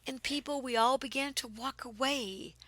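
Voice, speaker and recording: A woman telling a personal spiritual story, slow and breathy, sometimes dropping to a whisper and sometimes turning emphatic. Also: sits high, no echo, poor audio. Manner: grows excited and emphatic.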